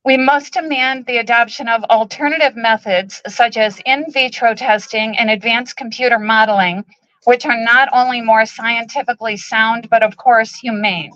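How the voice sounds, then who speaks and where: A woman's voice: on the high side, fairly even intonation, a bit bright, dry recording, muffled recording. Emotional woman speaking at a rally. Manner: emotional, halting, many ums, tearful at times. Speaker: animal rights group president speaking at a rally. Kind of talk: public speech at an outdoor protest. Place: outdoor protest march.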